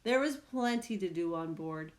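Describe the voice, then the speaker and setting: A woman reading a children's picture book aloud, with slow, expressive storytelling. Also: fairly low pitch. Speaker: reader.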